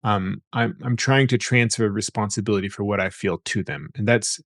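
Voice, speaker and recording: This is a man with a low, gravelly voice, explaining relationship ideas as an interview guest. He thinks aloud, repeating words as he finds his point. The sound is dry and close. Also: steady tone, normal speed, a bit bright, no echo. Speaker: therapist guest. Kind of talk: interview conversation.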